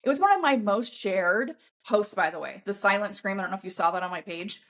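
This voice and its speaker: A woman's voice: medium pitch, animated, fairly quick, fairly bright tone. A woman talking bluntly and emphatically as a podcast guest, swearing often in a coaching tone. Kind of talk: casual podcast conversation.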